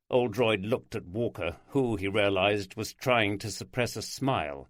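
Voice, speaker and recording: Man reading a crime audiobook, steady and measured, no room sound at all. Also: lowish voice, dry recording, clean studio sound. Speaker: narrator. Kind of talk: scripted audiobook narration.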